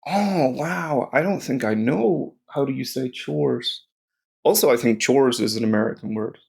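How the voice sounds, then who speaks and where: Irish man, slow unhurried delivery, gravelly fry, rambling self-talk over app lessons. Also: mid-range voice, a little mellow. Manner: rambling, self-mocking, talking to himself. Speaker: German-learning video creator. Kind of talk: thinking aloud while doing app lessons.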